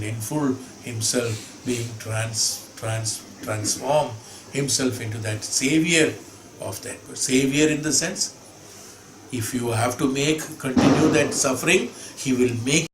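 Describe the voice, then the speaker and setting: A man teaching a scripture discourse, emphatic, repeating phrases and asking rhetorical questions. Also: medium pitch. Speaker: spiritual teacher. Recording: echoey room with background hum.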